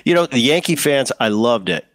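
A man who once played ball tells relaxed stories as an interview guest, frequently starting over mid-thought. He speaks a little fast in a mid-range voice, with no echo.

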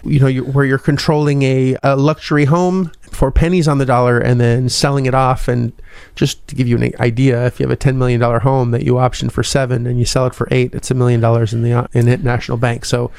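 A man's voice: mid-range voice, flat delivery, fast talker, creaky, hardly any pauses, darkish tone, clear, resonant tone, dry recording. A man hosting a podcast, rambling and self-deprecating, with a slight lisp. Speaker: podcast host. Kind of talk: casual podcast wrap-up.

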